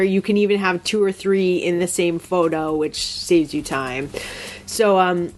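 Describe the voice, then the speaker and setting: A woman co-hosting a podcast in a casual, enthusiastic chat full of fillers. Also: lowish voice. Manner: chatty, enthusiastic, lots of fillers. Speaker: podcast co-host.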